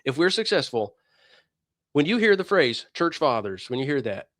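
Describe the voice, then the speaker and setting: A man's voice: a little high, sing-song, normal speed, fairly bright tone, no room sound, studio quality. A man hosting a religious debate stream, delivering a heated, scornful and preachy monologue that mocks his opponents. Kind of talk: ranting monologue.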